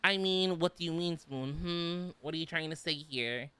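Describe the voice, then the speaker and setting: Reading chat comments on his livestream, this Southern American vtuber speaks in a bright, forceful, clear, and resonant voice on the high side, at a moderate pace. He's a giggly, chatty young man who leans heavily on "like." The recording has no room sound.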